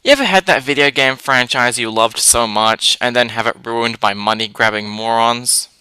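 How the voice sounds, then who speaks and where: Bright, ranting male reviewer. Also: mid-range voice, normal speed, smooth, soft background music, low-quality recording. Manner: ranting, blunt and emphatic. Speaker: list-video host. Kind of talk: opinionated review narration.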